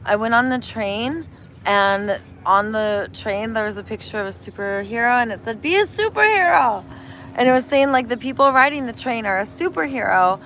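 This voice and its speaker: A woman, a spiritual healer, talking casually and telling animated stories, acting out voices as she goes. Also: fairly high pitch, moderate pace, slight background noise, low-quality recording. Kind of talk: casual street conversation.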